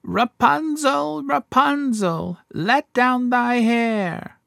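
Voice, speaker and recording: A man's voice: vocal fry, sharp tone, no room sound, heavily acted. A man doing a shrieking wicked old enchantress. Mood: calling. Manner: slow, drawn-out shrieking falsetto. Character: wicked old female enchantress, shrill and cruel.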